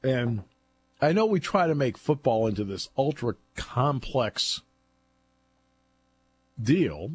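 Husky-voiced chatty man. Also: mid-range voice. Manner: chatty, laughs often, animated storytelling. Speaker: football analyst. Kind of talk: casual chat.

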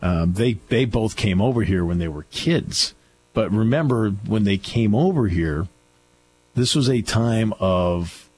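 A man's voice: fairly low pitch, husky. A middle-aged man hosting a radio talk show, telling stories in a chatty way with restarts. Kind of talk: casual radio chat. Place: radio studio.

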